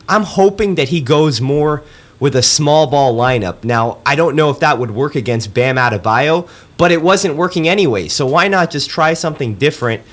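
A man co-hosting a sports podcast, analyzing basketball in a measured, steady way. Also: medium pitch. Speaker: podcast producer, co-host.

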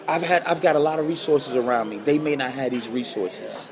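A man guitarist telling an emotional personal story as a guest, animated and repeating phrases for emphasis. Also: medium pitch, a little fast, crowd noise.

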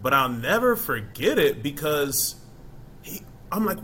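A middle-aged man, a former college football player, talking casually in an interview as an animated storyteller who keeps asking "you know?". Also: fairly high pitch, measured pace, a little hiss or hum.

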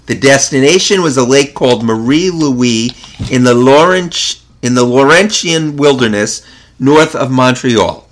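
A man hosting a casual podcast, chatting in a relaxed way and reading a recipe aloud. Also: mid-range voice. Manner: relaxed, chatty, self-correcting. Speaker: podcast host.

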